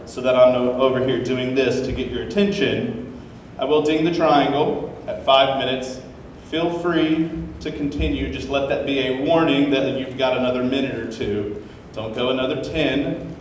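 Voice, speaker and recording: A man hosting a live event, giving upbeat, joking welcome remarks and house rules to an audience. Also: medium pitch. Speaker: event host. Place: large open ground-floor hall. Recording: echoey hall, mic far off, faint room noise.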